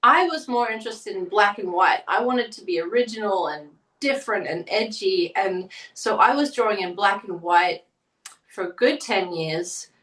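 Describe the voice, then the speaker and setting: A middle-aged woman, a painter appearing as an interview guest, chats casually and tells stories, acting out the quotes. Her voice is medium-pitched, expressive, and a bit bright at a normal pace, captured from a distance in a roomy space.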